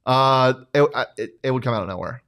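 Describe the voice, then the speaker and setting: A man co-hosting a casual sports talk show, talking in quick bursts with many restarts. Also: medium pitch. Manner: animated, restarts, laughs often. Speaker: co-host.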